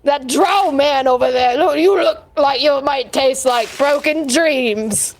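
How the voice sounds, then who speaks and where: A woman voicing a huge, greedy female giant who loudly threatens to eat people. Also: high voice, slow pace. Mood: taunting. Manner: bellowing cake demands and threats to eat people.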